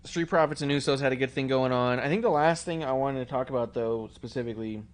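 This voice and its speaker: A man's voice: medium pitch, fast. A man co-hosting a wrestling podcast in casual chat. He swears freely, teases his co-hosts with crude jokes and gives blunt opinions. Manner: profane, joking, animated. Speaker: podcast co-host.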